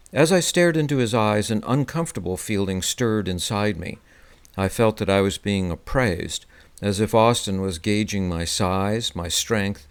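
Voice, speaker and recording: Man, audiobook narrator, first-person memoir, measured delivery, lowish voice. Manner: measured, descriptive.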